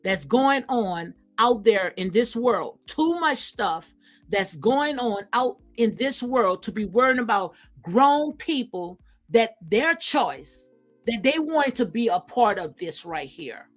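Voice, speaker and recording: A woman hosting a reaction commentary, her voice sitting high. She talks straight to her viewers, pressing and repeating her points with emphatic insistence. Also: big pitch swings, slow, faint music behind. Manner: emphatic, repeats phrases, addresses viewers directly. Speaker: commentary channel host. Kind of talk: reaction commentary on viral clips.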